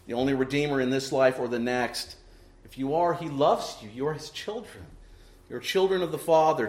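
A middle-aged man preaching a sermon to his congregation, emphatic and full of rhetorical questions tagged with "right?". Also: on the high side. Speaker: pastor. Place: church sanctuary. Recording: echoey church room.

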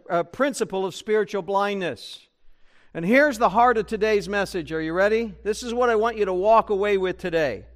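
A man's voice: sits high, fairly bright tone. A man preaching a sermon as pastor, conversational and full of rhetorical questions to the congregation. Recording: church broadcast recording.

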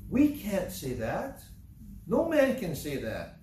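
A man's voice: medium pitch, very animated, unhurried, mellow, recorded from a distance, slight background noise. A man preaching a sermon, emphatic and repetitive, firing rhetorical questions and reading scripture aloud. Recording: echoey room, voice from off-mic.

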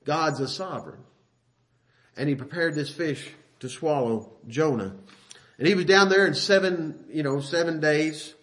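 A man with a slightly high, somewhat bright voice preaches a sermon in a folksy, conversational way. He reads King James scripture aloud with emphasis, unhurried, and breaks off into asides and self-corrections.

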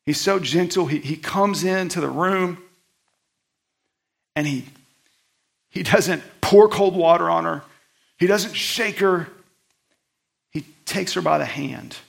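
A man preaching a sermon in a conversational style, swinging between loud outbursts and soft, hushed passages. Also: sits high, slow, creaky, long pauses, breathy edge. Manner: conversational, self-deprecating preaching. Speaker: pastor.

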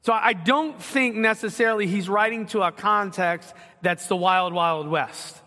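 A male pastor preaching with emphasis and rhetorical questions. His voice sits high and sounds bright and forceful. A long hall reverb trails each phrase. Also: a little slow. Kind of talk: sermon.

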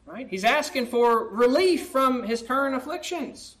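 A preacher with a medium-pitched, somewhat bright voice and lively intonation takes a measured pace through a sermon. He reads a psalm in antiquated wording, explains it in plain speech, often asks "right?", and climbs into a pleading tone when voicing the lament.

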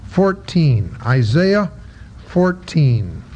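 A man preaching a Bible-study sermon, halting with many filler sounds and reading scripture aloud between explanations. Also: fairly high pitch, very animated, darkish tone. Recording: dull lo-fi recording with faint noise.

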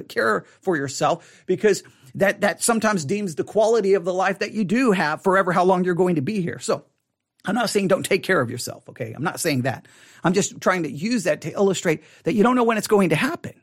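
A middle-aged man from Texas with a Texan accent, teaching a Bible study in a conversational way, often repeating and restarting his words as he leans into key points. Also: high voice. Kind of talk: informal Bible study teaching with personal stories.

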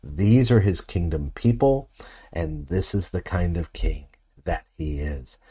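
A man preaching an expository sermon in a measured, reflective way, posing rhetorical questions to his listeners. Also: deep voice, mellow, slightly rough.

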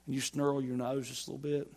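A man preaching a sermon as pastor, folksy and playful, swinging between loud emphatic lines and quiet asides. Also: mid-range voice, flat delivery, fast talker, vocal fry. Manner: folksy humor, playful mock dialogue.

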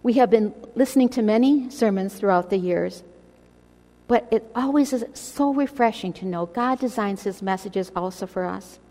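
A woman with a dark-toned, medium-pitched voice teaches a women's Bible study in a church, addressing and urging her listeners with earnest directness at a normal speed. Long reverb from the hall fills the recording.

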